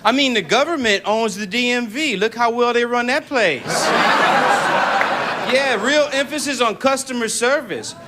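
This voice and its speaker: A man playing a comic correspondent, delivering a scripted news report in a dry, deadpan way. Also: extremely high pitch, moderate pace. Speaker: comedy correspondent. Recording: studio audience laughter and loud noise behind.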